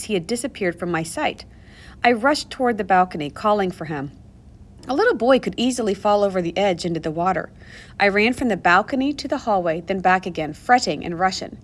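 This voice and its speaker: A woman narrating a novel aloud in the first person, expressive and moving between hushed and urgent tones. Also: medium pitch. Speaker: audiobook narrator.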